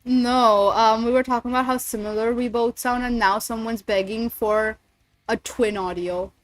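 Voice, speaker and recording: A woman's voice: fairly high pitch, fairly even intonation, normal speed, no echo, faint music behind. A woman streamer chatting casually and rambling, swearing freely between thoughts. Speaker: streamer and voice actor. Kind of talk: casual livestream chat.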